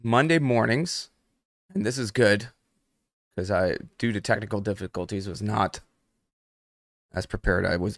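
A young adult man hosts a live trading stream with a somewhat low voice. He chats casually and addresses his viewers directly. The sound is close and dry. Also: normal speed, pauses often, no echo. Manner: casual, chatty, talks straight to viewers in the chat. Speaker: host.

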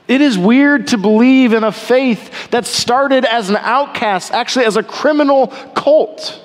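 Animated high-voiced preacher in an echoey hall. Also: male voice. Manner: animated, rising and falling between loud emphasis and quiet softness. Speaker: pastor. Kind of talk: sermon.

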